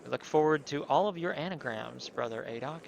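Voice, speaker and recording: A man voicing a courteous middle-aged painter in a plain, even reading voice. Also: on the high side, a little fast, gravelly, slight background noise. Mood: polite.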